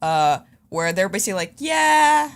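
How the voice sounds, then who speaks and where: A woman co-hosting a podcast, chatting casually with a smooth voice often called made for radio, self-mocking and quick to laugh. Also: fairly low pitch, animated. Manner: smooth voice people call radio-ready. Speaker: podcast co-host. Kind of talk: casual chat.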